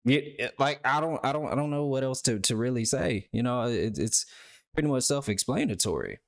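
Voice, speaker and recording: A man's voice: lively intonation, a little fast, gravelly. A man hosting a podcast, talking in a rambling, casual way, swearing freely and restarting his words. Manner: rambling, profane, repeats words, voices imagined people with a raised pitch. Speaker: podcast host. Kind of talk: casual commentary.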